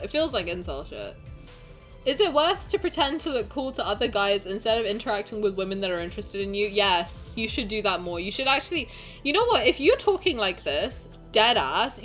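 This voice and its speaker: A woman's voice: medium pitch, a bit bright. A young woman streaming live, reading chat messages aloud and reacting with swearing and frequent laughter.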